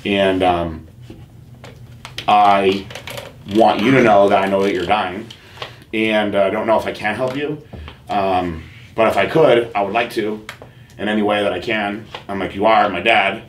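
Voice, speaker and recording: A man hosting a podcast, telling a personal story in an earnest, halting way with many fillers and restarts. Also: on the low side, reverberant, slight background noise. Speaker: podcast host.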